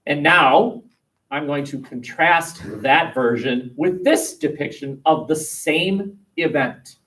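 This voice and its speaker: A man teaching a history class, leading a discussion with students and telling jokes with lively voices. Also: on the high side, slow pace, far from the mic, poor audio. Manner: animated, acts out a joke with big voices.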